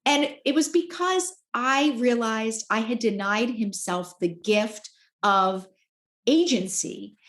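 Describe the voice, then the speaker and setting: A woman in her forties, a podcast guest, telling a personal story in an expressive, candid way. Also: on the high side, slow. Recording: roomy echo.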